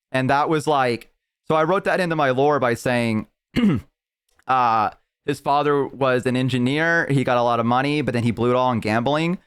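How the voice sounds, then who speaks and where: A man's voice: mid-range voice, smooth. A male streamer chatting casually, rambling on tangents as he tells a long story. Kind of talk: casual chat.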